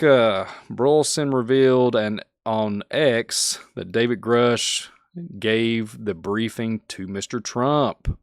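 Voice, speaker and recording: A man hosting a conspiracy podcast, talking excitedly and folksy straight to his listeners. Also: lowish voice, no room sound, studio quality. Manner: animated, folksy, talks straight to the audience. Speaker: podcast host.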